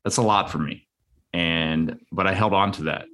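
A man's voice: low-pitched, normal speed, fairly bright tone. A man in his thirties telling a personal story in an earnest, reflective way, loose and full of fillers.

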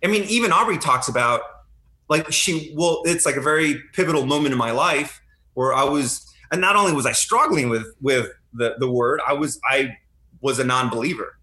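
A man's voice: mid-range voice, normal speed, echoey room. A man in his thirties, a retired Army helicopter pilot, telling stories in a casual chat and animating the lines he quotes. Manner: animated storyteller who acts out quoted lines.

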